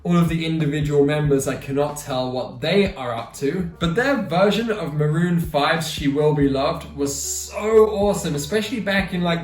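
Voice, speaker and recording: A chatty man hosts a music vlog, talking enthusiastically in a slightly high voice. He sounds roomy and far from the mic. Faint music plays underneath. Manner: enthusiastic, chatty, playful asides. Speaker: YouTube music channel host. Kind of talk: casual opinion vlog. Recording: roomy echo, distant mic, music behind.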